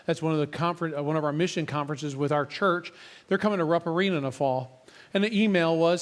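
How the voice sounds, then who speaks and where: A man preaching a sermon as a church pastor, earnest, dropping his voice to a hush for the quiet lines. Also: on the high side, fairly quick. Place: church sanctuary.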